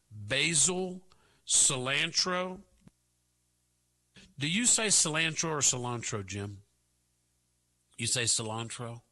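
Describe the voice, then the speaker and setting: A man hosting a talk radio show, delivering sarcastic commentary with drawn-out asides. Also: a little high, bright, forceful tone.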